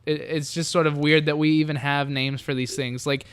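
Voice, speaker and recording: A man's voice: a little high, little pitch movement, normal speed, clear, resonant tone. A young man from the Southern United States co-hosting a podcast, chatting casually in a rambling, hesitant way with lots of fillers and restarts. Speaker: podcast co-host. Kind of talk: casual chat.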